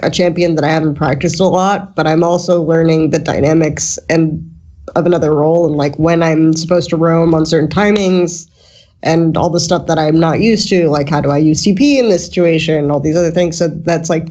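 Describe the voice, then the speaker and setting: A woman talking as an esports analyst in a casual podcast discussion, with a flat, deadpan delivery. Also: sits low, brisk. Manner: flat deadpan delivery, self-described monotone. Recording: dull lo-fi audio.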